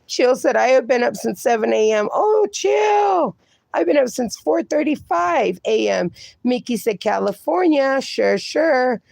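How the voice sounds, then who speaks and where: A livestream host reading her chat aloud in an unhurried, relaxed way, laughing often between comments. Her voice is gravelly and a little high for a woman. The sound is dry and close, with no room echo. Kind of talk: casual chat.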